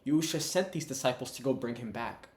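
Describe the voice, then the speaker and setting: A man's voice: mid-range voice, lively intonation, fast talker, echoey room. A man giving a casual, conversational Bible teaching online and calling his viewers "bro". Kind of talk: casual preaching to camera.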